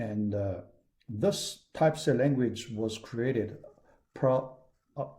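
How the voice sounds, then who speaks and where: A man giving a recorded university lecture, talking in a halting way with frequent fillers and restarts. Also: medium pitch, dark tone.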